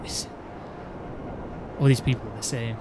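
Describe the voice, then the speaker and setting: A man talks in a loose, rambling rant, his voice sitting at an ordinary middle pitch. He stumbles, restarts sentences and keeps checking in with his listener. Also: fairly even intonation, measured pace, noisy background. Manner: rambling, with frequent restarts and "you know what I mean". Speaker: gaming video host. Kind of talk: casual ranting chat.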